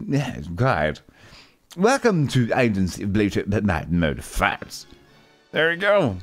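A man playing a game for a video, joking sarcastically and jumping into sudden loud, high yelps. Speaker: gaming YouTuber. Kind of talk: let's play commentary.

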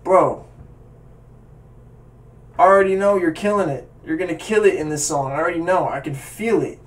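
A man's voice: on the high side, normal speed, far from the mic. A man hosting a music reaction video, talking casually and rambling with hyped energy. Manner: hyped, rambling, talks over the song. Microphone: webcam.

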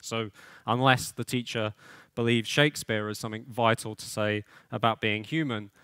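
A man's voice: lowish voice, fairly even intonation, moderate pace, a bit bright, smooth, no room sound, clean studio sound. A man giving a spoken talk on education, thoughtful and full of fillers and restarts. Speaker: policy speaker.

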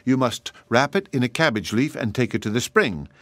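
A man's voice: mid-range voice, animated, fairly quick, a bit bright, no room sound, close to an everyday voice. A man voicing a scolding mother who is exasperated with her foolish little boy, in a storybook reading. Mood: instructing. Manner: exasperated, scolding, repeats the boy's name.

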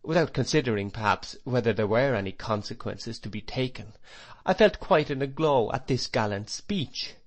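A man reads a classic novel aloud in a measured, expressive way. His voice sits at an ordinary middle pitch. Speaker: audiobook narrator. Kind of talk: scripted narration.

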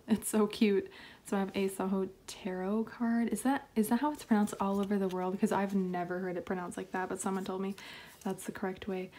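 A young woman with a mid-range voice chats casually as she unboxes K-pop albums for her haul vlog. She's excitable and talkative, sprinkling in lots of fillers and little laughs.

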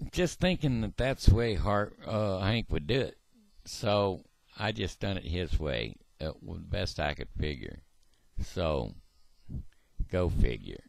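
Low-talking man chatting between songs. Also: big pitch swings, gravelly, no echo. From Missouri. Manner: sings slow old country songs unaccompanied, then chats quickly and low between them. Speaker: vlogger. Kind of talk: casual singing vlog.

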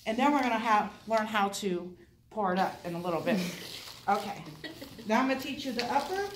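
A woman's voice: mid-range voice, animated, recorded from a distance, background noise. Woman instructor coaching a class, echoey room. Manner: chatty, encouraging, coaching with quick asides. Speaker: dental assisting instructor. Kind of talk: hands-on classroom demonstration.

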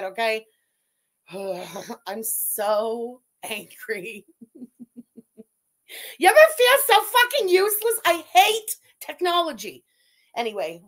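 A woman with a high voice hosts a casual livestream. She talks in an exasperated, profane, venting way, swearing freely as she complains. Between the rants she chats with her viewers. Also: a bit bright. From Quebec, Canada. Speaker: livestream host.

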